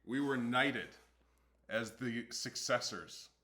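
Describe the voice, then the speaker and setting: Slow-talking man with a bright voice. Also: mid-range voice. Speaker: co-host. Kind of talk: casual podcast chat.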